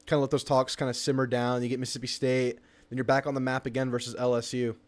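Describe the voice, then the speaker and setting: A man's voice: medium pitch, fast talker. A young man, hosting a live fan stream about college football, reading chat comments and reacting to a game. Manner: excitable, reads chat comments aloud. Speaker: sports talk show host.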